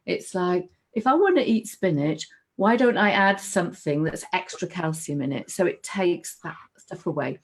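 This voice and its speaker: Animated, lower-pitched woman telling her story. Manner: animated, storytelling, with frequent restarts and quoted inner voices. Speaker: guest. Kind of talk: casual conversation.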